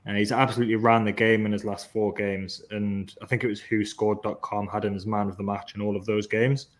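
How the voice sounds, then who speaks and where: A man with a somewhat low voice hosting a football podcast. He breaks down play in a measured, analytical way. His enthusiasm keeps coming through. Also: flat delivery. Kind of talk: casual football podcast chat.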